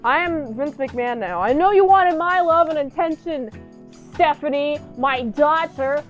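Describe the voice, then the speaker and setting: A pompous, grandiose wrestling boss, as a woman puts him on, scolding in a mock-stern tone. The voice stays high and bright. The delivery is plainly comic. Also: unhurried, faint music behind.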